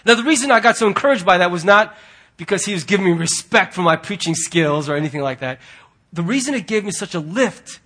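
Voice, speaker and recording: A male pastor preaching a sermon earnestly, swinging from loud emphatic lines to hushed, quiet ones. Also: sits high, lively intonation, a little fast, slightly rough.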